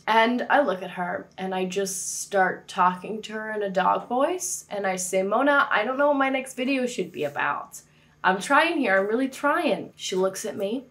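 With a mid-range, fairly bright voice, this woman runs a faith vlog from her apartment. She keeps things casual, sprinkling in playful, joking asides.

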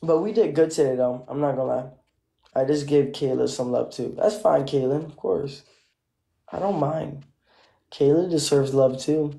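A man with a gravelly, mellow voice talks loosely on a live stream. He thanks his viewers one by one for their gifts and eggs the chat on to keep them coming. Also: on the high side, normal speed. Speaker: livestreamer. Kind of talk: casual live-stream chatter.

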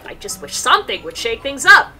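Woman putting on a brash cop lady, loud and shouty, bright sharp voice, lively swoops, game character. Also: sits high, a little fast, soft background music, pitched above the performer's own voice, heavily acted. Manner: shouty, rough, excitable. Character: brash loud female police chief, hot-headed.

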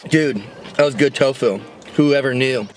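A young man co-hosting an eating show, chatting casually between bites, joking and quick to complain. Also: mid-range voice, faint music behind. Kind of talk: casual chat while eating.

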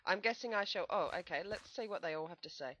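Bright, playful woman commentating a game. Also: on the low side, expressive, quick pace, muffled recording, a little hiss or hum. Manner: playful, joking, self-mocking. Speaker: gameplay commentator. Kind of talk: let's play commentary.

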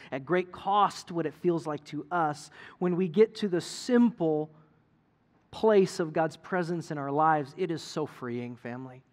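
A middle-aged male pastor preaches a sermon in a conversational, animated storytelling style, acting out what people said. His voice is on the high side.

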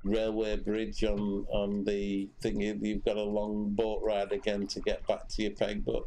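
A man's voice: lowish voice, completely flat delivery, unhurried, warm tone. A man giving casual commentary while streaming a fishing game, rambling with many fillers and restarts.

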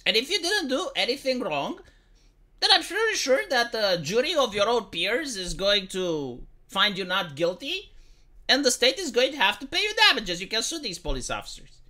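A young Romanian woman talks in her second language with a Romanian accent. Her voice is bright and swoops widely, and her casual commentary is blunt, sweary and ranting. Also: on the high side, very animated, moderate pace. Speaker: live-streamer.

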